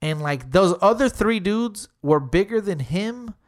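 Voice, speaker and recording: A man's voice: high voice, unhurried. A man casually telling a tense personal story, swearing constantly and filling his talk with "literally" and "dude". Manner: animated retelling, acting out quotes.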